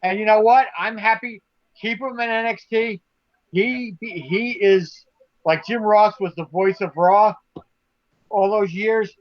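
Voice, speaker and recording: A man's voice: high voice, takes it slowly, no echo, muffled recording. A man co-hosting a casual wrestling talk show, emphatic and prone to repeating himself as he makes his points. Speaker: podcast co-host.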